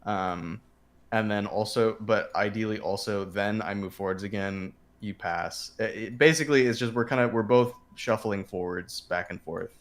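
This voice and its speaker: Guy coaching someone on a video game, lowish voice, lots of ums and restarts, easygoing explaining. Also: moderate pace. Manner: explains patiently with many fillers and restarts. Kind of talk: casual coaching over a screen share.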